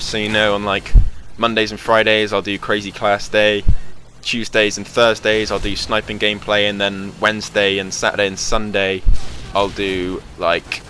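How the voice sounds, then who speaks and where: A man's voice: on the low side, sharp tone, slight background noise. A young man chatting casually over gameplay footage as host of his gaming channel, rambling with lots of fillers. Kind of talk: casual game commentary.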